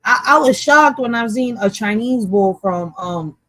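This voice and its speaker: Blunt Philly woman, higher voice. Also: animated, a little slow, fairly bright tone, no echo. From Puerto Rican background, raised in Philadelphia. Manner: blunt, swearing, laughing often. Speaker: co-host. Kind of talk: casual profane chat.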